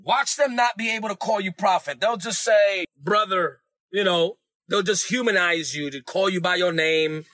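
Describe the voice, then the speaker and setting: Man, preacher, sermon, high voice, bright forceful tone, emphatic, call-and-response repetition. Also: moderate pace. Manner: emphatic, repeats lines for the crowd to echo.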